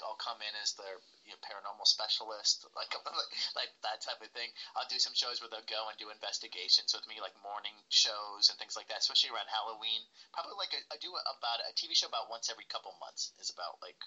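A man's voice: fairly low pitch, bright, forceful tone, lo-fi sound. A man working as a paranormal investigator tells stories in a casual interview, rambling with lots of "like" and "you know.".

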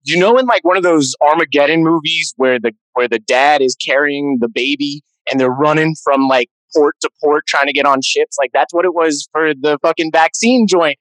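Animated, swearing man co-host. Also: on the high side, normal speed, hardly any pauses, no echo, rough recording. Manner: animated storyteller, swears freely. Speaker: podcast co-host. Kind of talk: casual chat.

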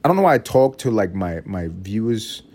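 A young man hosting a solo comedic podcast, rambling and profane, now and then jumping into shrill mock voices. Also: big pitch swings, brisk, darkish tone. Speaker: podcast host.

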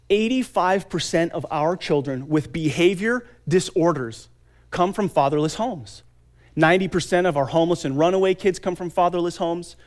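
Guy in his 30s giving a heartfelt conference talk, a bit high voiced, punchy lists and pauses. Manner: earnest, with dramatic pauses and emphatic lists. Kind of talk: motivational stage talk.

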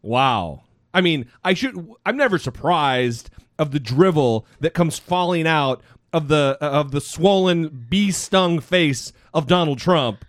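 A male podcast host talks in a casual chat, sarcastic and fed up. His pitch swings widely. The sound is close and dry. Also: lively intonation, takes it slowly, no echo. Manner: sarcastic, exasperated.

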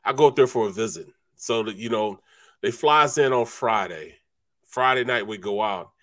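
A man from St. Louis, a former football player, co-hosts a sports talk show and tells laid-back stories, saying "man" and "you know" a lot. His voice is lowish and fairly bright, at a moderate pace, in casual sports-talk storytelling.

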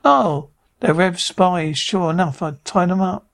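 A man voicing a suspicious young Union private who talks bluntly and accuses strangers, with a gravelly edge. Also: high-pitched, a little slow, a bit bright, a little hiss or hum, heavily acted.

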